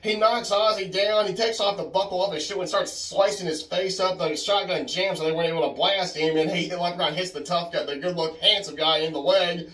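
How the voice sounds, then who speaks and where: Man, casual film review, slightly high voice, hesitant restarts, roomy echo, distant mic. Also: steady tone, brisk, few pauses, a bit bright. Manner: hesitant, full of restarts and "uh"s, chuckles often.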